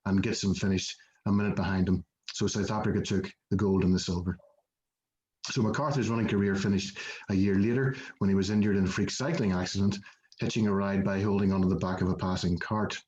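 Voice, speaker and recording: A man's voice: lowish voice, darkish tone. A man, a museum manager giving a prepared conference presentation, reading steadily with frequent "uh" fillers. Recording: dull, lo-fi recording.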